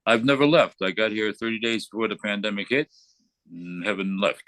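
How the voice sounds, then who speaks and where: An older man, a veteran, talking casually in an interview, blunt and profane, getting animated as he retells his story. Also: fairly low pitch, brisk, dry recording. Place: remote call from abroad.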